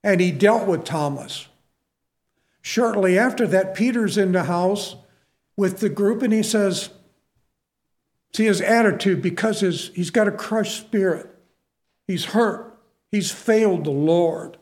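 A man's voice: high voice, takes it slowly, pauses often, a little mellow. A middle-aged man preaching a sermon in a conversational, self-deprecating way, full of asides to the listeners.

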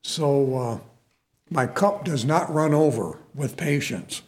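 A man's voice: a little high, slow pace, darkish tone. A middle-aged man preaching a sermon in a conversational, self-deprecating way, full of asides to the listeners.

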